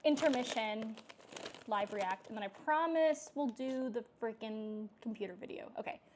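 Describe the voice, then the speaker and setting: Young woman, vlogger, casual rambling chat, slightly high voice. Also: normal speed, a little mellow, a little hiss or hum. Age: young adult. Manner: chatty, rambling, full of "like" and "um" fillers.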